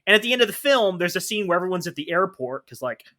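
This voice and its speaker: A man's voice: high-pitched, big pitch swings, fast, sharp tone. A man co-hosting a podcast, ranting sarcastically in casual chat. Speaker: podcast co-host.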